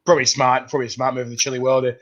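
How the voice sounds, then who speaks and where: A man's voice: medium pitch, level tone, racing, fairly bright tone. Aussie guy hosting a chili chat, laughs a lot, bit muffled lo-fi audio. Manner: chatty, laughs often, acts out quoted voices. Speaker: podcast host. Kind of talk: casual interview chat. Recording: slightly dull, lo-fi sound.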